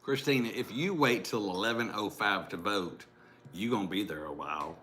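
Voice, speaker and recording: A man's voice: lowish voice, moderate pace, bright, forceful tone, slight background noise. A man co-hosting a casual chat show, dropping dry wisecracks from the side. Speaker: co-host.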